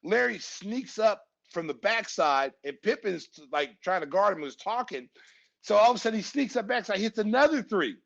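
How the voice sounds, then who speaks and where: Man, 50s, gravelly and fairly high voice, lively storyteller who acts out quotes, dull lo-fi podcast sound. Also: moderate pace. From Oklahoma, USA. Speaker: guest, former pro basketball player. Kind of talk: casual storytelling.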